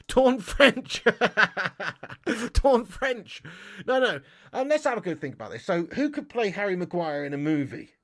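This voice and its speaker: A man's voice: sits high, a bit bright. A young man hosting a football fan live stream, chatting casually with viewers in a banterous, sweary way and chuckling between points. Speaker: fan channel host.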